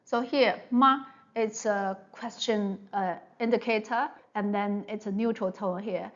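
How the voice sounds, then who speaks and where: A woman's medium-pitched voice, steady in tone and a little slow, leads a leisurely online Mandarin pronunciation lesson; the high end is cut off. She patiently repeats material, demonstrates by drawing out sounds, and regularly asks "all right?"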